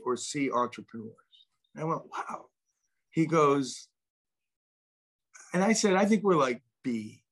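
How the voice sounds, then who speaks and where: A middle-aged man recounts a personal story in a loose, rambling way, stumbling over repeated words and restarting his sentences. His voice sits a bit higher than most men's. He speaks as an interview guest. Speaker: guest, venture investor.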